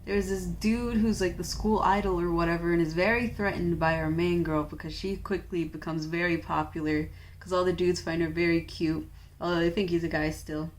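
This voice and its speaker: A woman's voice: fairly low pitch, steady tone, moderate pace, a little hiss or hum. A young woman casually recapping a manga she just read. She talks in a loose, chatty way, with plenty of fillers. She drops in wry, offhand asides as she goes. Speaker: manga reviewer.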